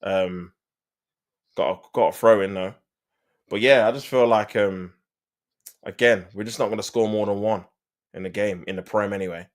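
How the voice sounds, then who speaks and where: Guy streaming a match, kinda low voice, slangy fan commentary, gets wound up at bad passes. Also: steady tone, moderate pace, pauses often. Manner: slangy, talks to viewers, gets exasperated at play. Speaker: live stream host.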